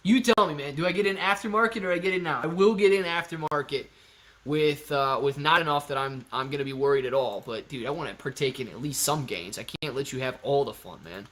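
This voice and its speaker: A man hosting a live stream, chatting casually and excitably with his viewers and thinking out loud. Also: on the high side, brisk. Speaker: livestream host answering chat.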